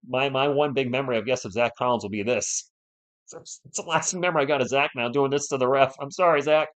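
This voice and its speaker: A man from New England hosting a live sports stream, giving play-by-play and answering viewers in an excitable, fired-up way. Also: mid-range voice. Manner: excitable, fired-up, talks straight to chat viewers. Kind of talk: live play-by-play commentary and chat replies.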